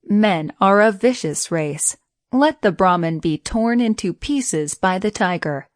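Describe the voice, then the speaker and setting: A woman's voice: mid-range voice, lively intonation, unhurried, no room sound, studio quality, lightly acted. A woman voicing an embittered mother bird complaining about cruel humans. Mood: bitter.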